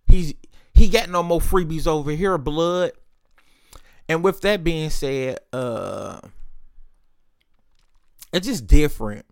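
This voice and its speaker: A man's voice: fairly high pitch, expressive, measured pace, vocal fry, long pauses, no echo. A man in his late thirties casually telling a personal family story, candid and profane, acting out what others said. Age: 30s. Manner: candid, profane, acts out quoted voices.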